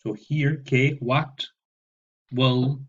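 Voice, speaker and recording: A man's voice: mid-range voice, fairly even intonation, normal speed, fairly bright tone, muffled recording. A man teaching Spanish, walking his class through homework and patiently spelling out verb endings letter by letter. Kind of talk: online homework walkthrough.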